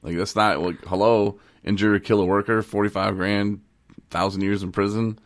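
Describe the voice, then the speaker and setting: A man's voice: fairly low pitch, flat delivery, moderate pace, dry recording, clean studio sound. A man from Michigan co-hosting a podcast, joking and teasing, acting out little scenes and laughing often. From Michigan, USA. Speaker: podcast co-host. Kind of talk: joking casual chat.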